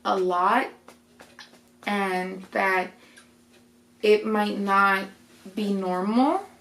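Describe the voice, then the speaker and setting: A woman's voice: mid-range voice, extremely slow, creaky, a bit bright. A young woman casually telling a personal story, acting out what people said along the way. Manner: chatty, retelling with quoted voices. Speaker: vlogger. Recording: roomy echo.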